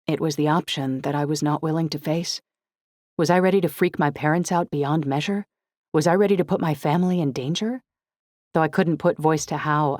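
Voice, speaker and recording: An audiobook narrator reading a first-person novel in a reflective, even storytelling manner. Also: mid-range voice, no echo, clean studio sound.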